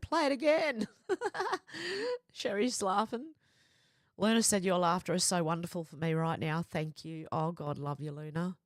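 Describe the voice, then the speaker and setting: An Australian woman hosts a casual livestream, reading viewer comments aloud and chatting back. Her voice sits a little low, and the sound is dry and close with no room around it. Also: dry recording. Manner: chatty, reads comments aloud in a lively quoting voice. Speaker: livestream host.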